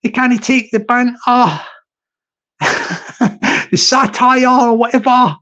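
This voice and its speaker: A man's voice: very high voice, slow, bright, forceful tone, highs cut off. Rambling man hosting a casual live stream, repetitive, laughs at own jokes. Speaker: livestream host.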